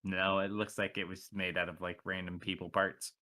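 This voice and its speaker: A man running a tabletop game as game master, narrating in a relaxed, conversational way. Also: low voice, moderate pace. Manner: relaxed, conversational, many "like" fillers.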